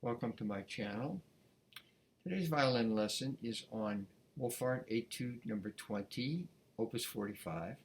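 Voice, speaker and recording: A man giving a beginner violin lesson, talking in a gentle, explanatory way, often restarting words and sometimes singing out counts. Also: mid-range voice, animated, measured pace. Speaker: violin teacher. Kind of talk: casual instructional talk.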